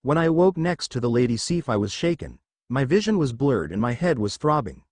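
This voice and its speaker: A mighty demigod husband begs to be believed, read by a man. The delivery is animated and earnest, and the recording is dry and intimate. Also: mid-range voice, a little fast, dry recording. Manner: pleading earnestly. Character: proud pleading demigod hero husband.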